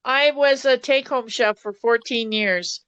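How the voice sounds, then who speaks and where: Chatty high-voiced woman telling stories. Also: a little slow, fairly bright tone, clean tone, dry recording, muffled recording. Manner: chatty, laughing storyteller. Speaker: live-stream guest, former take-home chef. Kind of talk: casual group chat and joke telling.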